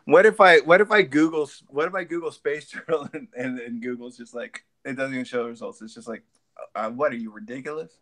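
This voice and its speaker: A man's voice: mid-range voice, fairly quick, no echo. A man chatting and joking over a video call, rambling and muttering to himself while fixing his computer. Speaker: guest artist. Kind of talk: casual chat during a video call.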